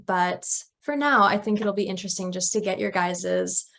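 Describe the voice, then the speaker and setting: A woman moderating a panel discussion, friendly and quick to laugh. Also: medium pitch, gravelly, fairly bright tone.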